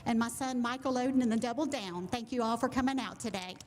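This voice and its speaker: A woman's voice: a little high, steady tone, fast, a little mellow, slight background noise. A woman from Alabama, politely introducing herself on a handheld mic. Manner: polite, brief self-introduction. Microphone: handheld microphone.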